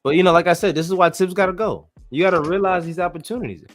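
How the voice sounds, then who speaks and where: A man hosting a casual sports podcast, talking in an animated, slangy, joking way. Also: high-pitched, fast, faint music behind. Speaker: podcast host.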